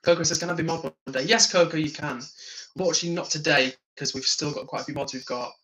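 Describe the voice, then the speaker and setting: Bright-voiced tired man chatting on stream. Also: a little high, steady tone, fast, poor audio. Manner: chatty, laughs often, reads chat aloud. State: tired, yawning. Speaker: livestream host. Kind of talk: casual live-stream chat reading comments.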